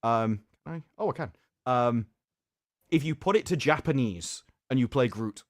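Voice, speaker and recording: A middle-aged man co-hosting a casual livestream chat in an animated manner. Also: mid-range voice, moderate pace. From United Kingdom. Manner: animated, does loud voices of game lines. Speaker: co-host.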